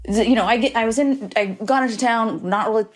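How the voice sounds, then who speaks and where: A woman's voice: a little high, brisk. A young adult woman talks alone into her podcast mic, grumpy and wry. She swears freely and mocks herself as she rambles through her bad mood. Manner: irritable, self-deprecating, swears freely. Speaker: podcast host. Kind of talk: casual solo podcast monologue. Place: hotel room.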